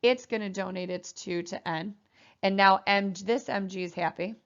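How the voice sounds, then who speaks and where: A woman's voice: mid-range voice, fairly even intonation, moderate pace. A woman chemistry teacher giving a classroom lecture, explaining bonding and sometimes voicing the atoms playfully. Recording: muffled lo-fi classroom recording.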